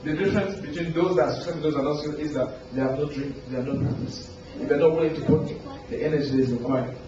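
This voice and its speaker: A man preaching a motivational sermon, asking his listeners questions and acting out the people he quotes in a high voice. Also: very fast, very noisy. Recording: roomy, dull recording from far off.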